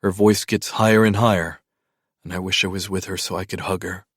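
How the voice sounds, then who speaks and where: Male audiobook narrator, deep and even, dry close-miked studio read. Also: a little fast, no room sound. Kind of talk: first-person audiobook narration.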